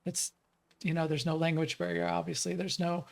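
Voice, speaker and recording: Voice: mid-range voice, flat delivery, normal speed, creaky, darkish tone. A game developer from the United States chats in a rambling way during a live stream, full of fillers and restarts while playing the game. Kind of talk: live stream gameplay chat.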